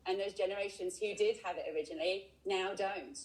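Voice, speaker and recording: A woman's voice: medium pitch, steady tone, a little fast, rough recording. A woman from England giving a live walking tour outdoors over a video call, explaining in a chatty way with frequent ums. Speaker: tour guide. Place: outdoors by a river.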